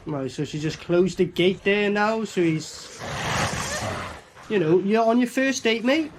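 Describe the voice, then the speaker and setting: A man's voice: high voice, lively intonation, a little slow, very noisy. A man giving a casual, sweary running commentary as he reviews a film. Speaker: movie reviewer.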